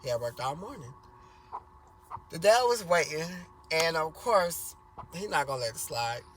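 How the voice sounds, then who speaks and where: A man's voice: on the high side, big pitch swings, a little slow, fairly bright tone, slight background noise. A man casually telling a rambling family story for a vlog, repeating himself and swearing freely.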